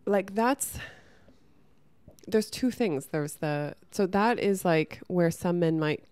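Low-voiced woman in casual spiritual chat. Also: takes it slowly, darkish tone, no echo. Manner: chatty, many "like" fillers and restarts. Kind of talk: casual spiritual talk to camera.

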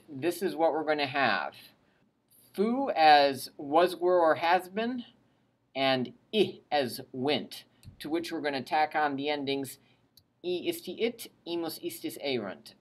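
A woman teaching Latin grammar in a recorded lesson, drilling verb endings aloud and adding chatty, plain asides. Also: extremely low pitch. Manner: drills conjugations aloud, pausing for students to repeat.

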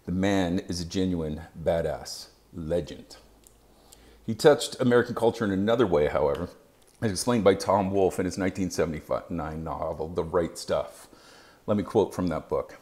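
A man giving scripted narration as an EMS educator, with a measured, even delivery. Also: low-pitched.

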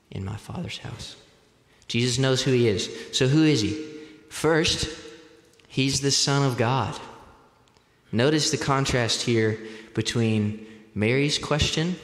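A young man preaching a sermon as pastor, deliberate and measured, picking up speed when telling personal stories. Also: on the low side, a bit bright. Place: church sanctuary. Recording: echoey church hall.

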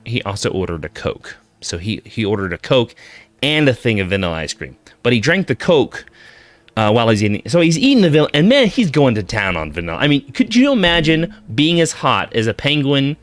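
A man casually telling a long joke, rambling and animated, addressing the listener directly. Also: medium pitch, no room sound. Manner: rambling, animated, many fillers and restarts.

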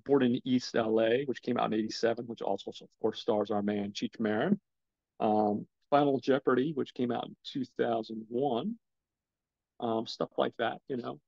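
Man, gravelly voice, solo film podcast host, rambling with lots of ums, lo-fi dry sound. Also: mid-range voice, darkish tone, no echo. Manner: rambling, lots of ums, swears when frustrated. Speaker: podcast host reviewing films. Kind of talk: casual solo film talk.

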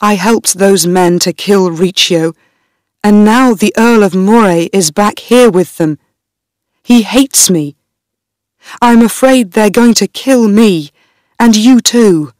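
A woman's voice: medium pitch, slow pace, darkish tone, dry recording, lightly acted. A woman voicing a frightened young man who pleads and stammers in fear. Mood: fearful pleading. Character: frightened weak young man, a queen's husband.

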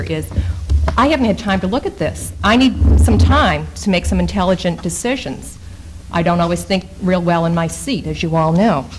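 A woman town councilor speaking firmly and in a measured way at a public meeting, openly frustrated with how things are being handled. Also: lowish voice, a little hiss or hum, low-quality recording.

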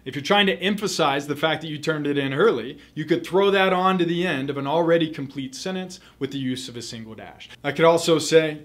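A man with a fairly high voice tutors for a test, laying out grammar rules in a clear, methodical lesson and going back over the key points.

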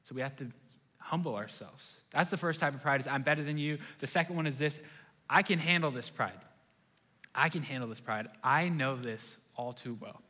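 A man's voice: medium pitch, normal speed, sharp tone. A young adult man preaching a sermon as a pastor, telling stories with animation and acting out his own thoughts in quoted lines.

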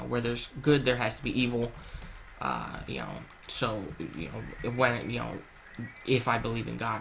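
A gaming channel host narrates a personal story while playing a game, casual and earnest, confessing things as he swears heavily and fills his speech with fillers and restarts. His mid-range voice has vocal fry and a pushed, bright quality, with slight background noise.

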